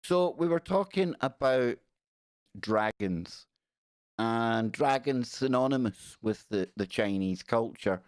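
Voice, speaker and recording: A man's voice: medium pitch, slow, clear, resonant tone, dry recording, studio quality. A man from the United Kingdom hosting a live-stream show in a casual, jokey way, reading out viewer comments as he goes. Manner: animated, chatty, jokey, reads out viewer comments. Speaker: podcast host.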